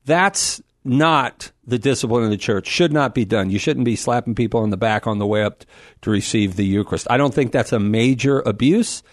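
A man answering a caller as a guest on a call-in radio show, earnest and animated, often laughing and repeating words as he thinks. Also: medium pitch, a little fast, no room sound, clean studio sound.

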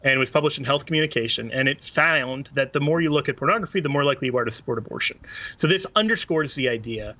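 A man's voice: mid-range voice, expressive, fast talker, sharp tone, dull audio. A man on a talk show, making his points earnestly and fluently. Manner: earnest, fluent, quotes sources. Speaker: co-host.

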